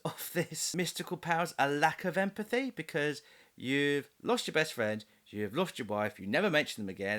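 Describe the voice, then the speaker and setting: A man's voice: a little high, a bit bright. Sarcastic male film reviewer. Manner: sarcastic, mocking, laughs at the film. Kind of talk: comedic film review voice-over.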